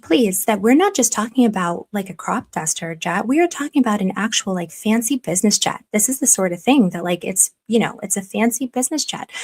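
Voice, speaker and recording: A woman talking through her investigation in a casual commentary, rambling with restarts and speculative asides. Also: medium pitch.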